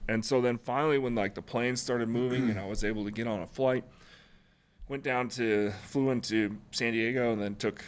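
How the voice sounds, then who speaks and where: A man's voice: medium pitch, steady tone, moderate pace, clean tone. A man, a former Marine, telling stories on a podcast in a casual, profane, blunt way and laughing along the way. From Alaska. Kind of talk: casual storytelling.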